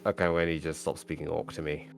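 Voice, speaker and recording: A man's voice: very deep voice, flat delivery, quick pace, creaky, over music. A British man who plays in a tabletop game, talking in a dry, mopey way. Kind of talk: casual banter before a tabletop game.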